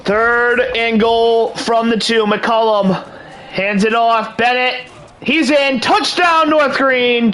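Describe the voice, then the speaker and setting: High-voiced, hyped young gaming host. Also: male voice, fairly bright tone, rough recording. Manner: hypes up the game like a sportscaster. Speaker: video game channel host. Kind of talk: hyped gameplay commentary.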